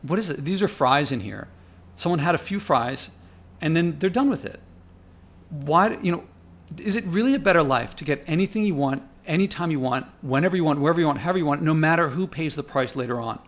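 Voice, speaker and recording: A vlogger's fairly high, lively voice runs a little fast as he loosely narrates his own park footage without a script. Indignant and increasingly worked up, he rambles, thinks aloud, and restarts his sentences.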